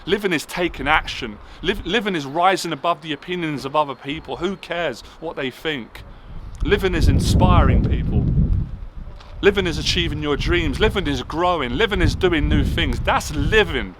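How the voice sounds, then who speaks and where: A man's voice: a little high, animated, moderate pace. Impassioned man speaking on a rooftop. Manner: emphatic, repetitive declarations. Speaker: motivational speaker. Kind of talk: impassioned motivational monologue. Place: outdoors on a city rooftop. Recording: outdoor traffic noise behind.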